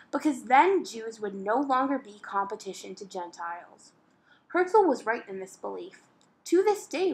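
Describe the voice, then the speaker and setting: A woman's voice: fairly high pitch, a little mellow, poor audio. A woman narrating a school history project in an earnest, read-aloud way.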